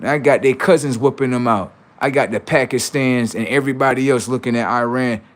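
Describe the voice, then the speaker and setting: A man hosting a livestream, ranting in a heated, taunting way, swinging between loud jeers and low asides. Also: a little fast. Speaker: livestream host. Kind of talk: profane livestream rant.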